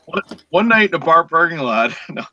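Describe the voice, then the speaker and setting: A man with a high, bright voice tells a story on a casual talk show. He is animated and acts out the voices of the people in his story. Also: normal speed, dry recording, dull audio.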